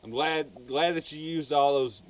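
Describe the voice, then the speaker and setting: A Southern man with a fairly high voice and moderate pace co-hosts a podcast, recounting a true crime story in a loose, rambling style. He trips over repeated words and swears freely.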